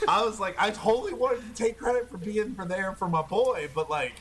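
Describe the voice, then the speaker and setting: Man, casual rambling storyteller, laughs a lot, lively up-and-down voice. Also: high voice, normal speed. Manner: laughs often, rambling with fillers. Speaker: podcast co-host.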